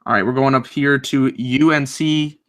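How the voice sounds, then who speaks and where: A man's voice: mid-range voice, steady tone, moderate pace, fairly bright tone. A young man co-hosting a casual sports chat over a video call, upbeat as he talks through his picks. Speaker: co-host making bracket picks.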